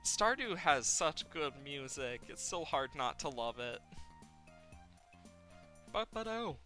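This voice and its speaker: Playful, bright-voiced male streamer. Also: a little high, slow pace, soft background music. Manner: rambling, playful, easily excited. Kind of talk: live game streaming chat.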